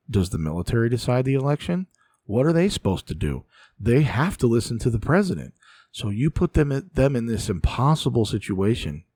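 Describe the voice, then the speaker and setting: A man with a low-pitched voice talks straight into a close mic in a dry, dead room. He rants in an exasperated way, sighing often as he works through his points in casual solo commentary. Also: darkish tone, no room sound. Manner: exasperated, ranting, sighs often. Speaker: political commentary host.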